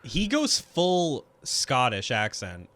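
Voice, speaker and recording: A man's voice: mid-range voice, huge pitch swings, takes it slowly, fairly bright tone, no room sound. A man guest on a film podcast, chatting casually in a jokey, giggly way. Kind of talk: casual chat.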